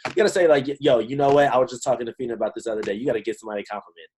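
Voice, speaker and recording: A man giving a lively pep talk to his team on a video call, full of slang and rhetorical questions. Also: medium pitch, very fast, slight background noise, rough recording. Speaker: motivational team trainer.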